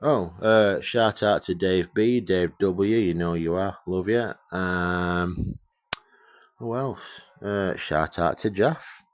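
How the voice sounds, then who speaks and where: A man rambling through a casual workshop vlog about restoring a radio, swearing freely and joking about himself as he gives shout-outs. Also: low voice, slow. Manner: rambling, sweary, self-deprecating.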